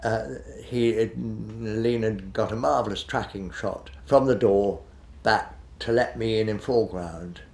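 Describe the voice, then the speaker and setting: Gravelly old man reminiscing hesitantly. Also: fairly low pitch, darkish tone, echoey room. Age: 80s. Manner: rambling and hesitant, with many fillers and restarts. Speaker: interviewee, retired television director. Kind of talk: reminiscing interview.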